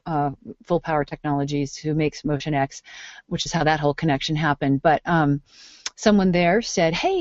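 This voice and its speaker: A woman speaking as a guest in a casual interview, chatty and playful, telling stories with lively energy. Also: sits low, no room sound, muffled recording. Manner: chatty, playful, animated storyteller. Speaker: interview guest, voice-over artist and photographer.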